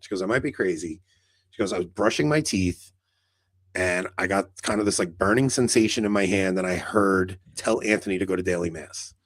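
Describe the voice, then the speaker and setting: A man's voice: low-pitched, brisk, dry recording. A man co-hosting a podcast in casual chat, telling a long rambling story full of "like" fillers and acted-out dialogue. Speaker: podcast co-host.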